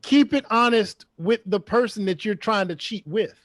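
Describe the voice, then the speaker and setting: A man's voice: high voice, moderate pace, a bit bright, no echo. A man hosting a casual chat, giving his opinion emphatically and repeating his points. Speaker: podcast host.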